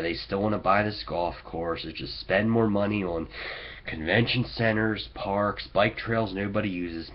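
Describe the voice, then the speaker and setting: A man's voice: low-pitched, highs cut off, slight background noise. A man hosting a political commentary show, sarcastic and mocking toward local officials. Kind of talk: opinionated commentary.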